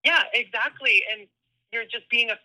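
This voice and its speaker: A young woman on the phone, gushing with excitement and tripping over her words. Her voice is sharp and tense, carried by a phone line. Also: fairly high pitch, moderate pace. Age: young adult. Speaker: caller. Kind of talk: phone call.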